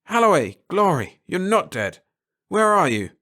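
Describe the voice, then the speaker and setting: Man reading as a gruff army captain, shouting orders, loud and urgent, high-pitched. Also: sing-song, measured pace, exaggerated voice. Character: gruff, impatient male military captain barking orders. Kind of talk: dramatic audiobook reading.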